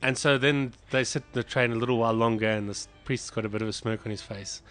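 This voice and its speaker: A man's voice: medium pitch, fairly even intonation, quick pace, fairly bright tone, faint music behind. A hungover man co-hosting a casual radio chat show, dry and wry in his banter.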